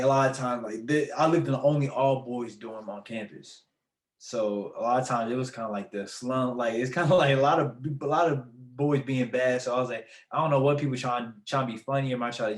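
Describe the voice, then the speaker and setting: A young man, a podcast guest, telling a personal story in a relaxed, lively way, laughing often as he goes. His voice sits at a middle pitch for a man. The recording carries a noticeable room echo. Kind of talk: casual storytelling.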